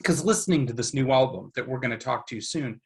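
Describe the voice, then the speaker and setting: A man's voice: mid-range voice, fast, a little mellow, breathy edge. A man hosting an interview podcast, asking long, enthusiastic, rambling questions. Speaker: podcast host. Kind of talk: casual interview.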